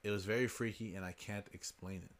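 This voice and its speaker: A man's voice: lowish voice, steady tone, fast talker. A man hosting a podcast, reading listener stories aloud in a casual way. He swears freely and laughs as he goes.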